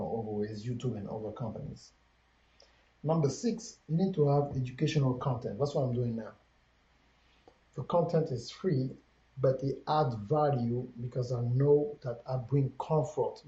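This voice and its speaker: A man's voice: medium pitch, warm tone, reverberant, dull audio. A man with a French accent giving a livestreamed business coaching talk, counting off steps and repeating his key points in a preachy way.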